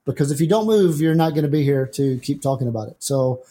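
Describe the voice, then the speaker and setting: A man's voice: medium pitch, expressive, fast talker, mellow. A middle-aged man, a guest on a discussion show, thinking aloud about philosophy with homespun everyday examples. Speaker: atheist guest. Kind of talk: conversational discussion.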